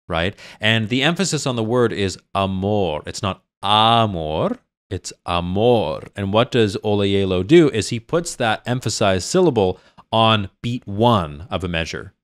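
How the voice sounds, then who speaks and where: A man in his thirties, a singer, explaining a choral piece in casual commentary and sometimes singing short phrases to show a point. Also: fairly low pitch. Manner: enthusiastic, explains slowly and sings short phrases to demonstrate. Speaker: singer reacting to a choral performance.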